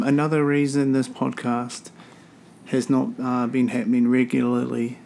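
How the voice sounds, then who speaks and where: A man rambles through his rugby podcast with a gravelly, fry-laced voice at an ordinary middle pitch. He swears freely and keeps an offhand, chatty tone. Faint noise sits under the recording. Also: a little mellow. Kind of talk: casual solo podcast chat. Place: home near an airport.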